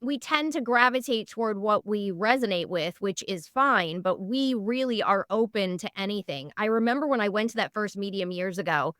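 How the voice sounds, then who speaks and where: Woman podcast guest, earnest storyteller, clear smooth tone. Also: mid-range voice, no echo, studio quality. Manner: animated storyteller, lively and earnest. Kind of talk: casual interview chat.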